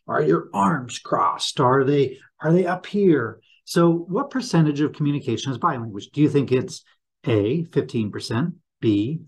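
Husky guy doing morning announcements, quizzing kids, upbeat. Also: mid-range voice. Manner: upbeat, quizzing the audience with questions. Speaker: school announcer. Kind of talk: morning announcement lesson for students.

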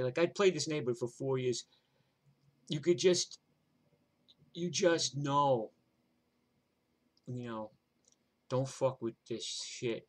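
An older man with a New York accent telling a rambling, profane story from his own life in a streetwise way. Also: mid-range voice. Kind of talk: live personal storytelling.

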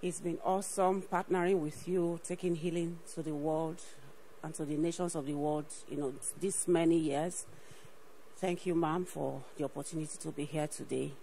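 A woman's voice: low voice, steady tone, moderate pace, mellow, slight background noise, low-quality recording. A woman, a ministry partner, gives an earnest personal faith testimony on stage, often saying "you know" and repeating herself. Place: on stage at a church program.

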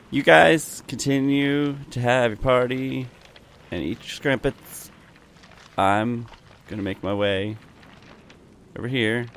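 Playing through a game, this young gameplay commentator offers wry, chatty let's play remarks and answers back to the on-screen characters. His voice is lowish and a bit bright, with a little hiss or hum underneath.

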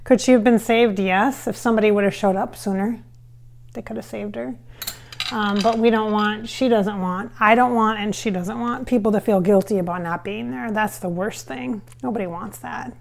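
A woman's voice: medium pitch, normal speed, gravelly, slight background noise. Chatty woman vlogging in her kitchen. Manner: rambling, chatty, many fillers. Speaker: psychic medium vlogger. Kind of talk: casual vlog chat. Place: home kitchen with hardwood floors.

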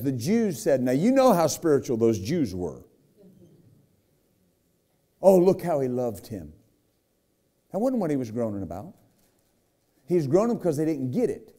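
Mellow-voiced preacher man, emphatic and lively. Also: on the high side. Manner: retells scripture with lively acted quotes; emphatic, frequent "right?" and "amen?". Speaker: pastor. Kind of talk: sermon.

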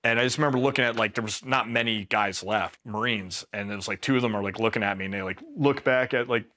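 A middle-aged man from Pennsylvania, a Marine veteran, telling war stories in a casual, deadpan way and quoting himself flatly. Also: on the low side, fast. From Pennsylvania, USA. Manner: laid-back, deadpan, quotes himself flatly. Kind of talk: casual storytelling interview.

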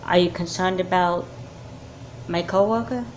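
Woman playing a calm, steady mom for a doll movie, slow delivery. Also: lowish voice, slight background noise, lightly acted, low-quality recording. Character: gentle mother of two girls.

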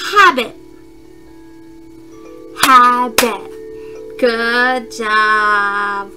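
A woman leads young children through a phonics lesson as their kindergarten teacher. She speaks very slowly in a high, bright, animated voice and repeats each word for them to echo. Soft music plays faintly behind her. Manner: slow, deliberate, repeats words for children to echo.

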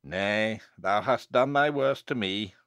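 A man's voice: fairly low pitch, slow, fairly bright tone, smooth, no room sound. A man voicing a grave old abbot. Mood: solemn. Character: solemn aged male abbot, meek but unbending.

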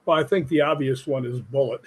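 A middle-aged man from Chicago, a stuntman guest, telling animated stories in a casual interview. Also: mid-range voice, a little fast, slightly rough. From Chicago, USA. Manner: animated anecdotes with acted-out quotes.

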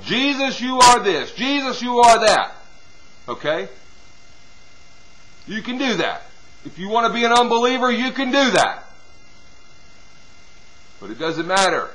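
A man preaching a sermon, dropping from loud appeals to hushed, quiet passages and punctuating with "see?" and "hallelujah". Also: high voice, sing-song, measured pace, long pauses, a little hiss or hum, poor audio. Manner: swings from loud exhortation to hushed near-whispers.

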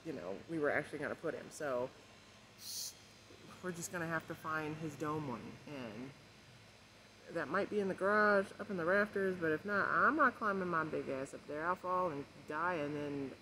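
A stressed, emotional woman vlogging at home, rambling softly with many fillers and keeping her voice low. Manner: rambling, many fillers, kept deliberately quiet. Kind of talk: casual rambling vlog chat. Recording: noisy home recording.

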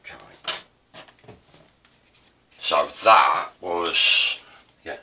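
A man's voice: low voice, extremely slow, bright, forceful tone, far from the mic. A man with an Essex accent, chatting casually and rambling while he demonstrates printmaking, self-deprecating and prone to digressions. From Essex, South East England. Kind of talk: casual tutorial narration.

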